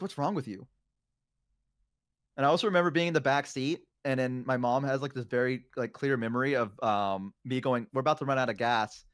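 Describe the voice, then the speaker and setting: Young man, casual chat, rambling storyteller, average pitch, dry close sound. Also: dry recording. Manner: rambling, many fillers and restarts.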